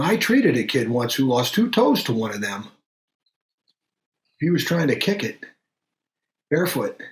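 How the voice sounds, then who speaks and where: An actor playing a middle-aged country doctor who tells a strange story in an unhurried, halting way, full of pauses and fillers. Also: male voice, mid-range voice, echoey room, natural voice. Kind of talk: audio drama acting.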